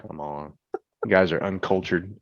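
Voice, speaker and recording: Deep-voiced man trash-talking on a lo-fi podcast. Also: steady tone, normal speed, gravelly, dry recording. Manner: playful trash talk and boasting. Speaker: podcast co-host. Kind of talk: casual sports chat.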